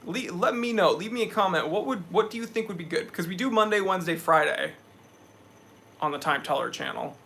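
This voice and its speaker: A man's voice: sits high, brisk, vocal fry, sharp tone. A young man from New England hosting a live stream, chatting loosely and answering viewers. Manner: chatty, loose, reads viewer comments aloud. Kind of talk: casual live stream chat.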